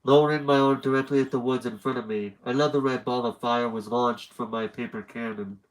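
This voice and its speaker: A man's voice: medium pitch, fairly even intonation, a little fast, poor audio. A young man with a slightly nasal voice, reading a horror story aloud on a live stream and stopping to chat between passages. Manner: chatty, rambling asides between story passages.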